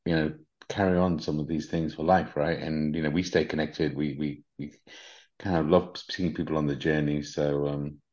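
Low-voiced British man hosting a podcast. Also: level tone, moderate pace, dull audio. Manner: gentle, earnest, many fillers and restarts. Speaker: podcast host. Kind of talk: casual spiritual podcast talk.

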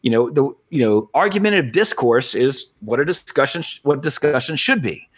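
A man's voice: medium pitch, expressive, fairly quick, slightly rough. A man hosting a podcast in casual chat, rambling and correcting himself, laughing often. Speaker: podcast host.

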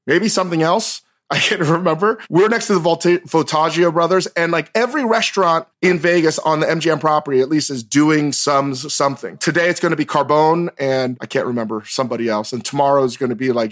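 A middle-aged man hosting a casual podcast chat, telling stories with lively acted-out quotes and frequent laughs. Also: on the high side. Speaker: podcast host.

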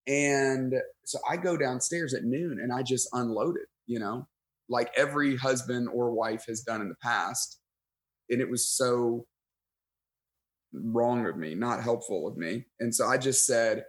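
A man's voice: mid-range voice, unhurried. Man telling a story in casual chat. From United States. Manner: self-deprecating, animated retelling with quoted inner thoughts. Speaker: pastor and podcast guest.

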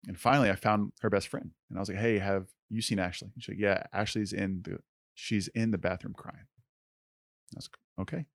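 Low-voiced guy telling a story on his podcast, earnest, says like a lot, dry mic. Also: fairly even intonation, fairly quick, no room sound. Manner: earnest, conversational, many "like" fillers. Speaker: podcast co-host.

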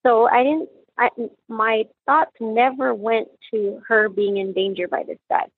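A woman, a mother, recounting a personal tragedy in halting, emotional speech with many fillers and restarts. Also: a little high, steady tone, slightly rough, dry recording, phone-quality sound. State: tearful, emotional. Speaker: mother of a crime victim.

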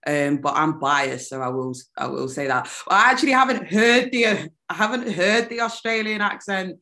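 A young woman musician chatting as an interview guest, animated and laughing often, often trailing off mid-sentence. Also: on the low side, moderate pace. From United Kingdom. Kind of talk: casual interview chat.

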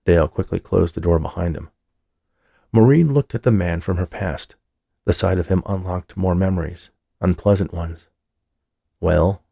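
A man narrating an audiobook in a measured storytelling manner, close to the mic. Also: low-pitched, vocal fry, dark tone, husky, no room sound. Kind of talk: scripted narration.

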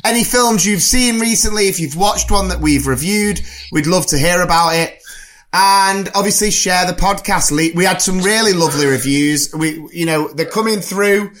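A man's voice: sits high, normal speed, a bit bright. A man co-hosting a podcast in casual chat, chatty and laughing often as he rambles through the sign-off. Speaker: podcast co-host.

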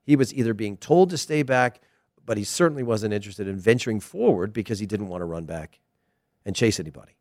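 Low voiced american guy rambling about a match, gets animated and emphatic, dry close mic. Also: fairly quick, no room sound. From United States. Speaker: soccer commentator, former player. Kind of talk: casual commentary monologue.

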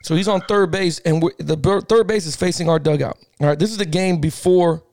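A middle-aged man co-hosting a casual sports podcast. He tells a heated story in an animated, slangy way, repeats himself and laughs often. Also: high voice, brisk, no echo, clean studio sound. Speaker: podcast co-host.

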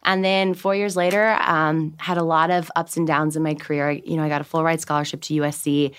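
Fast-talking, lively woman telling a story. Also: low-pitched, clean tone. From United States. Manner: animated, laughs often, acts out quotes of herself and others. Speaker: guest, Olympic swimmer. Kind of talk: podcast interview storytelling.

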